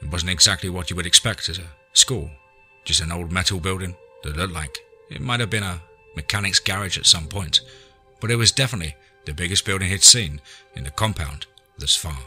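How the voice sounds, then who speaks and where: A man narrating an audiobook story in a measured, scripted way. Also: deep voice, sharp tone, faint music behind.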